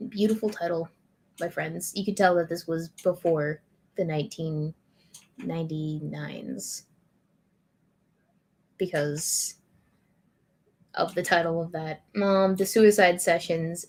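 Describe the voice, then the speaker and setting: A woman streamer reading lyrics aloud in a deadpan way and chatting with her audience. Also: fairly low pitch. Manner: slow, deadpan lyric reading with bursts of laughter.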